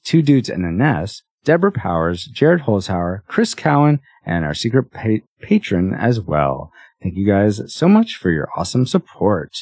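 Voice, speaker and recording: A man's voice: lowish voice, darkish tone, dry recording, studio quality. A man hosting a podcast, chatting casually and laughing often. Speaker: podcast host.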